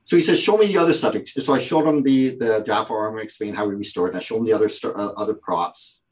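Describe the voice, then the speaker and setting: A man's voice: fairly low pitch, fast talker, muffled recording. A man, a guest who owns a prop company, telling a story in casual conversation, with many fillers and restarts.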